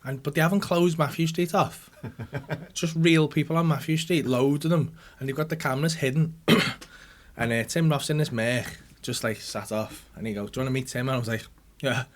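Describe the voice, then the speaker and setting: Briskly and in a mid-range voice, a comedian hosting a podcast delivers an animated, swearing-laden anecdote to his studio audience. He acts out the quotes of the others involved.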